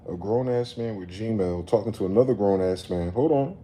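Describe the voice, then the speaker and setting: Animated, profane man with a dark voice. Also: fairly low pitch, slight background noise. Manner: animated, profane, keeps telling listeners to slow down. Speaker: commentary vlogger. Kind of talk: late-night rant to camera.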